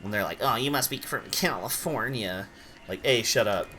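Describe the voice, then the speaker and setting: A sleepy young man from Idaho, USA rambles casually on a gaming live stream, breaking into quick outbursts. His lowish voice sounds pushed and bright, with soft music playing in the background.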